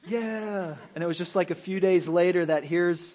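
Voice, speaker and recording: Man preaching a lively sermon. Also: high voice, fast, highs cut off. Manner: conversational preaching, dropping to a hush for emphasis; acts out Bible scenes in playful character voices. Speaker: pastor.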